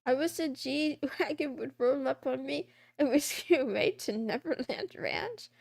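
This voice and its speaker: A woman's voice: sits high, animated, unhurried, creaky, a little mellow, dry recording, exaggerated voice. A woman voicing a sad, broke young cat girl who whimpers and begs in a sing-song way. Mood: pleading.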